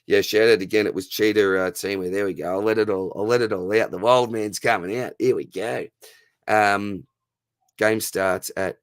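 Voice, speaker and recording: A man in his thirties with an Australian accent, hosting a casual live Q&A, friendly and matey, his voice going hoarse. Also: fairly low pitch, no echo. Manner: matey and friendly, calls viewers mate and brother. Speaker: livestream host answering fantasy football questions.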